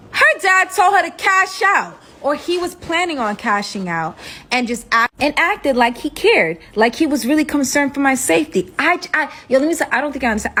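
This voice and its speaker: A woman telling a personal story in a casual storytime, animated and dramatic, with rhetorical asides to her listeners. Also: fairly high pitch, a little hiss or hum.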